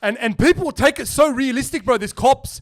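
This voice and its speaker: A man's voice: very high voice, animated, fairly quick. A young man, hosting a casual podcast and telling stories animatedly, acting out other people's lines and swearing freely. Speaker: podcast host.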